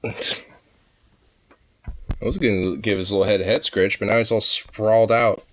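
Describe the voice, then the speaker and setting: A man talking to his dog on camera in teasing baby talk, laughing and swearing, dropping to low mutters and jumping up to high squeals. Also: steady tone, normal speed. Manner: laughs often, swears casually. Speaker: dog owner filming his husky. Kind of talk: casual talk to a pet on camera.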